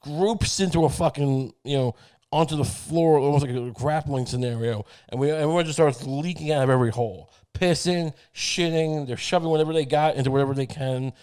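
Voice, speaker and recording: Man, podcast host, rambling comic rant, sarcastic and profane, a bit high-pitched. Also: fairly quick, darkish tone, clear, resonant tone. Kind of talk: rambling comedic monologue.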